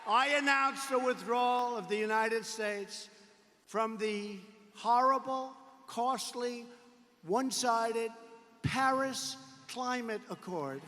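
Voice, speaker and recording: A man's voice: very high voice, slow pace, sharp tone, slight background noise. A man giving a political rally speech in a large arena, emphatic, repetitive and digressive. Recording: reverberant arena hall.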